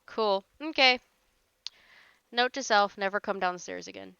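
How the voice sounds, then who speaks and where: A woman's voice: medium pitch, a little slow, gravelly, pushed and bright, smooth, no room sound, dull audio. A woman hosting a casual livestream, chatting with viewers and teasing them playfully, laughing often. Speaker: livestream host.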